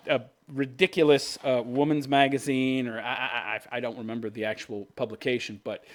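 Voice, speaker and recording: A man in his fifties hosting a podcast, ranting with profane, sarcastic commentary. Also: a little high. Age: 50s. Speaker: podcast host.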